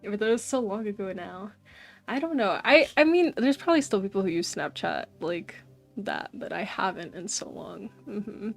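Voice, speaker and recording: A woman's voice: mid-range voice, expressive, normal speed, creaky, soft background music. A young woman streaming, chatting casually and animatedly with her viewers and often saying "bro". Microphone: desk mic.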